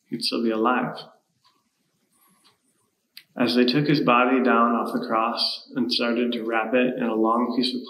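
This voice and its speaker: A man's voice: mid-range voice, a bit bright, reverberant, rough recording. A man playing the grieving, bitter disciple Thomas in a dramatic first-person monologue during a worship service. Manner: bitter and sarcastic. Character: grief-stricken, bitter, doubting male disciple Thomas. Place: church sanctuary.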